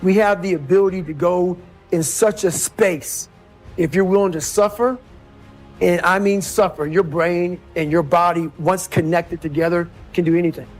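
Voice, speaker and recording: A man's voice: high-pitched, fairly even intonation, moderate pace, soft background music. A man giving an intense, blunt motivational speech in an emphatic manner. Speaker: motivational speaker.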